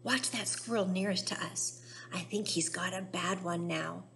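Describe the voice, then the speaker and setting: A woman voicing an eccentric, excitable male candy maker who eagerly explains things in a storybook reading. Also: on the low side, measured pace, vocal fry, slight background noise. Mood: explaining.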